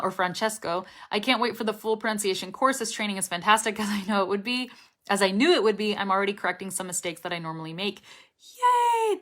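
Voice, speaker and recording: A woman's voice: mid-range voice, a bit bright. A young woman teaching English pronunciation, chatting upbeat on a live stream while reading viewer comments aloud.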